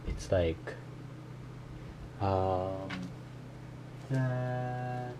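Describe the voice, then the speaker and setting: Man, casual language-learner vlogger, slow repeated sounding-out, soft self-deprecating laughs, faint rumble underneath. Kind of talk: casual self-recorded study vlog.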